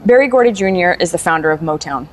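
A woman's voice: on the low side, animated, quick pace. A woman guest on a talk show, telling stories in casual chat and laughing easily. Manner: warm storytelling, laughs easily. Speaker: guest performer.

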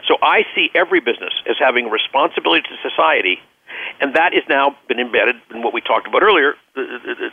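Over a dry, tinny phone line, a business leader gives an earnest radio interview, telling stories and frequently repeating words while he hunts for the right one. His voice is medium in pitch, with no room sound.

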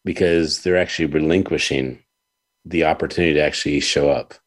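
A man with an extremely low, deep voice hosts an interview show. He talks in an earnest, halting way, often starting over and repeating words. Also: steady tone. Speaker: radio show host.

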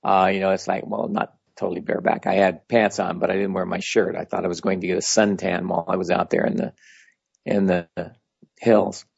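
A man's voice: low-pitched, level tone, fairly quick, gravelly, slightly rough, no room sound. A man giving a casual, rambling talk as a spiritual teacher, blunt and full of anecdotes. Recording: dull lo-fi audio.

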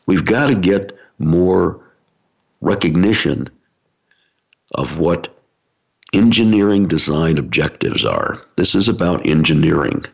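Low gravelly man explaining with analogies. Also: animated, slow, pauses often. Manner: explanatory, uses everyday analogies, frequent fillers. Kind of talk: talk to business audience. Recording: dull lo-fi recording.

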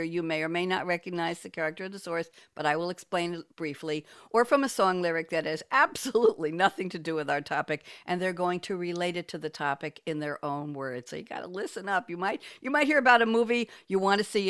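A woman's voice: lowish voice, a bit bright, clear, resonant tone, no room sound, clean studio sound. A woman hosting an interview show, chatty and playful, laughing now and then as she introduces her guests. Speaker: podcast host.

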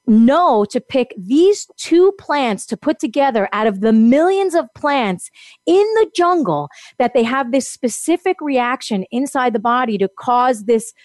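Lively woman telling a story. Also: fairly high pitch, no echo, clean studio sound. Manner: animated, laughs often, acts out quotes. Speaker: guest. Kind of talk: casual storytelling.

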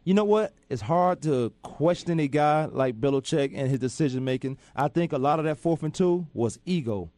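A man's voice: a little high, lively intonation, normal speed, hardly any pauses, a little mellow, no echo. A man hosting a sports talk radio show in casual banter, boastful and playful, cutting in over his co-host.

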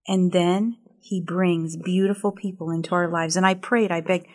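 Low, even-voiced woman guest. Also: moderate pace, few pauses. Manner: heartfelt, faith-centered. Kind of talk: casual group talk.

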